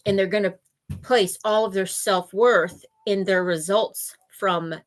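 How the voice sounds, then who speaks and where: A woman's voice: medium pitch, steady tone, a little slow. A woman who teaches, co-hosting a casual podcast, earnest and emphatic with bursts of giggling.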